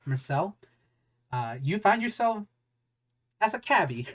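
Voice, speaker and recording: A man's voice: high voice, very animated, a little slow, fairly bright tone. Rambling game master man. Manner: rambling, searching for words with many fillers. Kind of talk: narrating a tabletop game.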